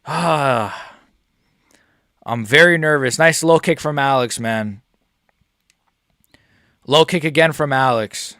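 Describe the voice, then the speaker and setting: A man's voice: medium pitch, slow pace, pauses often, pushed and bright, dry recording, studio quality. A young man streaming a live fight reaction, talking casually to his viewers in a muttered, profane running commentary. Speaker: MMA streamer.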